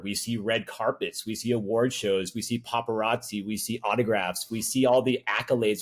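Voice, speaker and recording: A man speaking as a guest in an interview, telling stories in a rambling way with many fillers. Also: fairly low pitch. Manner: rambling, filler-heavy storytelling. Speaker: talent producer and voice actor guest. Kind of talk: conversational interview.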